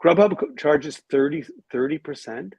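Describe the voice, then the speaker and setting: Male host, gravelly and wry, loose restarts, dry booth. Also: fairly high pitch, moderate pace, darkish tone, no room sound, dull audio. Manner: wry, sarcastic, thinks aloud with restarts. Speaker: podcast host. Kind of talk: casual panel discussion.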